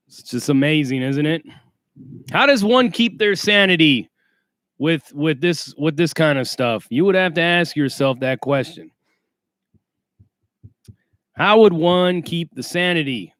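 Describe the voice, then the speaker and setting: On a casual livestream, a man with a clear, resonant voice on the high side reads out chat names and greets viewers in streetwise slang. His tone is fairly bright, and the clean studio recording has no echo.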